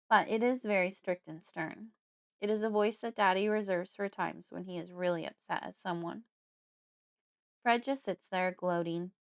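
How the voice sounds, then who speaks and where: Casting: woman storyteller for a creepy audiobook, mid-pitched, bone-dry close sound. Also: clean tone, no room sound. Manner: measured storytelling in a child's first-person voice. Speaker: audiobook narrator. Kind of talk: first-person horror audiobook narration.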